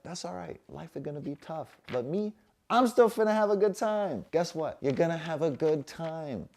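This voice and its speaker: Young male vlogger at home, playful slang, animated pitch. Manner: playful slangy delivery, puts on voices for his dog. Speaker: fitness vlogger. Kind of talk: casual motivational talk to camera. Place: home, sitting on a couch.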